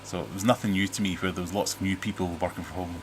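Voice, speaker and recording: A man's voice: low-pitched, steady tone, rapid-fire, a little hiss or hum. Rambling, jokey British man hosting a livestream. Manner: rambling, jokey, self-interrupting. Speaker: livestream host. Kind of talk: casual live-stream chat reading viewer comments. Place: home fish room.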